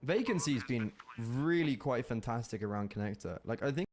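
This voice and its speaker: A man casting a live competitive shooter match as play-by-play commentator, animated and rising in bursts at big plays. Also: mid-range voice, moderate pace. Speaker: esports caster.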